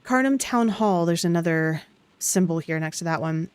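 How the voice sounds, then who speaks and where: A woman's voice: on the low side, moderate pace, smooth, no echo. Woman streamer reading game text. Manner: reads in an even tone, with small asides and restarts. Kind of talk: reading game text aloud while playing.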